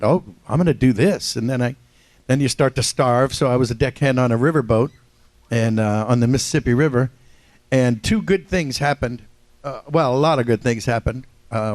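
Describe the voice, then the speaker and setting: Speaking at medium pitch with a slightly mellow tone and no echo, an older man from Ohio shares stories on a convention panel. A voice actor by trade, he jokes, pokes fun at himself and laughs often.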